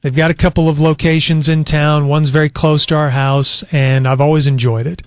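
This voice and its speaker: A man in his forties hosts a radio show, an easygoing storyteller sounding weak and worn out after illness as he tells a long story in easy chat. His voice is fairly high with little pitch movement, at normal speed, through a studio microphone. The tone is clean and the recording dry, with faint music behind.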